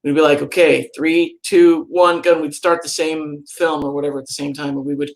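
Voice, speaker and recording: A man's voice: fairly high pitch, flat delivery, brisk. A man co-hosting a casual live-stream chat, playful and rambling. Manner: chatty and playful, rambling and humming to himself. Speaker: podcast co-host.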